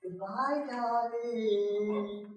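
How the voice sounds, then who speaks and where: A woman's voice: fairly high pitch, extremely slow, slight background noise. An older woman playing a doting, guilt-tripping mother who nags her grown son on the phone, in a melodramatic, sighing manner. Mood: nagging. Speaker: amateur skit performer. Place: senior center hall. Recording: echoey hall from far off.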